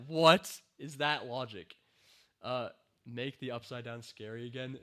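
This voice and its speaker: A man's voice: mid-range voice, steady tone, unhurried, fairly bright tone. A man giving a rambling, sarcastic spoken commentary, full of fillers and incredulous outbursts. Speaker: show reviewer.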